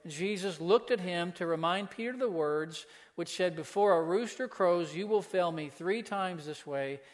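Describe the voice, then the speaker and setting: A man's voice: sits high, unhurried. A man preaching a sermon as pastor, earnest, asking the listeners pointed questions. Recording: long hall reverb.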